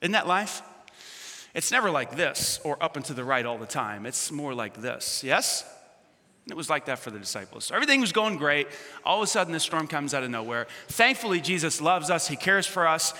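Animated high-voiced pastor preaching. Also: male voice, brisk. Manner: dramatic swings from shouting to hushed near-whispers; asks the congregation questions and calls for responses. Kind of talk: sermon. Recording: long reverb of a big hall.

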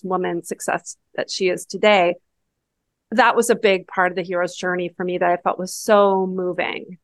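A woman's voice: medium pitch, a bit bright, no room sound. A woman co-hosting a book podcast, talking things through in an earnest, reflective way. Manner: reflective, earnest, thinks aloud. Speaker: podcast co-host. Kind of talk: casual book-club chat.

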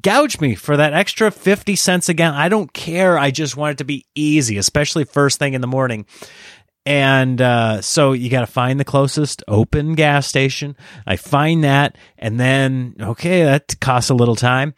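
A man hosting a podcast, telling a story in a casual, animated way, ranting in exasperation and laughing at himself. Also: mid-range voice, moderate pace, no room sound, studio quality. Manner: self-deprecating, laughs at himself. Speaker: podcast host.

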